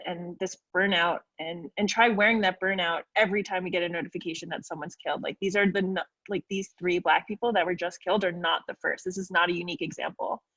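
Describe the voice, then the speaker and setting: A woman joining a panel over a video call, her voice slightly low and muffled by dull, lo-fi audio. She speaks softly and carefully, with hesitant pauses. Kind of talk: online panel discussion. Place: abroad, joining remotely.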